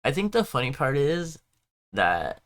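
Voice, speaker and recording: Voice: mid-range voice, big pitch swings, unhurried. A game streamer with a Southern Californian valley-girl accent, chatting casually on a home stream into a desk mic, drawling and filling every sentence with "like" and "you know". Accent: Southern Californian, Valley Girl style. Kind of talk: casual live-stream chat.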